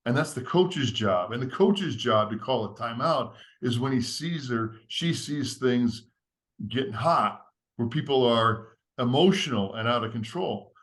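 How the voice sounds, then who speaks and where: A man speaks as a podcast guest, laying out a step-by-step framework in an earnest, teacherly voice. His delivery is structured and steady, like a seasoned author explaining ideas in conversation. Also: mid-range voice, unhurried.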